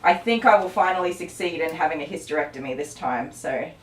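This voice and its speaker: A woman's voice: sits low, animated, brisk, distant mic. A middle-aged woman, hosting a casual live stream as a dog groomer, rambling and chatty with many ums and laughs. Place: grooming salon. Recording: roomy, from off the mic.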